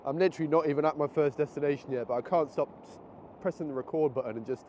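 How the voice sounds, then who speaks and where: This man, a travel vlogger, talks rapid-fire in a slightly high voice while walking outdoors and popping into a convenience store. He chats excitedly, thinks aloud, and is a little out of breath. The handheld camera picks up muffled sound and street noise.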